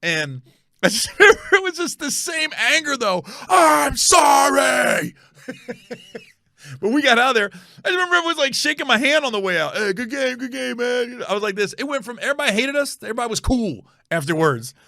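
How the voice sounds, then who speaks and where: Gravelly man telling a rambling story. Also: extremely high pitch, big pitch swings, fast talker, pushed and bright, no echo, clean studio sound. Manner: rambling, corrects himself, checks facts aloud. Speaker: podcast host. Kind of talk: casual storytelling.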